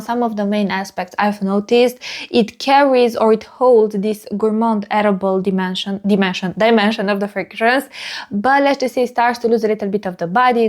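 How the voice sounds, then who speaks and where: A woman's voice: mid-range voice, darkish tone. A woman talking through a perfume review in a loose, chatty way. She piles up descriptive phrases and leans on little fillers as she goes. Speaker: fragrance reviewer. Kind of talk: casual review vlog.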